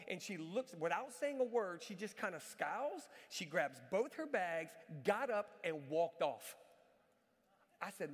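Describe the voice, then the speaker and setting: A man, a traveling church speaker, telling a story in a sermon with animated, self-mocking energy. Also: high-pitched, slow pace, big-room sound. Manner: says he can be loud.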